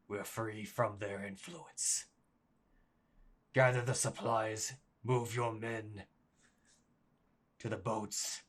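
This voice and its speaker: A man voicing a commanding bandit chief in a tabletop game, giving measured, clipped orders. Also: lowish voice, fairly bright tone, slightly rough, heavily acted.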